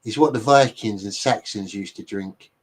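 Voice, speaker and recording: A man's voice: fairly low pitch, moderate pace, breathy edge. A man with an English accent, hosting a livestream and chatting casually with viewers in a rambling, self-deprecating way. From England. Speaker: livestream host.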